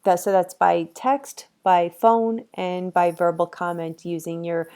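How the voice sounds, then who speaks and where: A woman's voice: fairly low pitch, steady tone, measured pace, mellow, clear, resonant tone. A woman instructor giving a casual, chatty screen-recorded tutorial for her course, talking easygoing with frequent ums, on a computer microphone.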